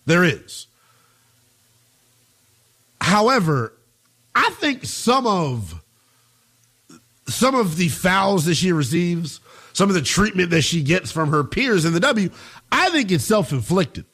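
Middle-aged male sports talk host, emphatic and slangy, high and animated delivery. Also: slow, pauses often.

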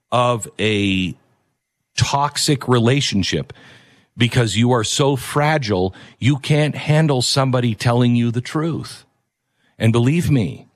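Animated male commentary host. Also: mid-range voice, no echo, clean studio sound. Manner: emphatic, repeats key phrases. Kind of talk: opinionated commentary.

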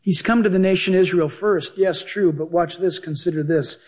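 A male pastor and Bible teacher preaching a sermon, animated and joking, acting out the voices he quotes. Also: high voice, moderate pace.

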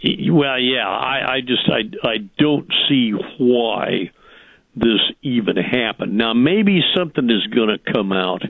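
A man calling in as a radio guest, talking casually in a halting way that stumbles over his words, heard through a phone line. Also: mid-range voice, lively intonation, vocal fry, no echo.

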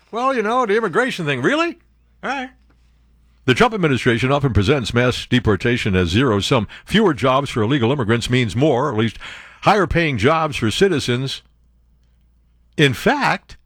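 Animated talk radio host, man. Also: a little high, dry recording, clean studio sound. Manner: animated storyteller, laughs often, restarts. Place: radio studio. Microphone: studio microphone.

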